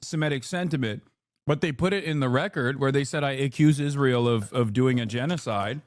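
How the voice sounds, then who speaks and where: A man's voice: medium pitch, brisk, no room sound, clean studio sound. A male streamer ranting at his chat, heated and profane, often restarting his sentences. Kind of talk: livestream rant to chat.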